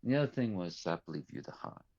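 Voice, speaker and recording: A man voicing Fat Cat, a watchful restaurant host, who speaks low, measured and probing. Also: expressive, a little mellow, highs cut off. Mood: earnest.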